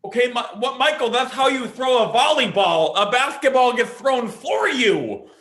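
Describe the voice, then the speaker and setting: A man performing improvised comedy on stage, shouty and excitable. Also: extremely high pitch, moderate pace, reverberant.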